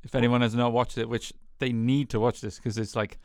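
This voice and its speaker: A man's voice: medium pitch, level tone, brisk, no room sound, clean studio sound. A man co-hosting a podcast in casual chat, eager and upbeat. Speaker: podcast co-host.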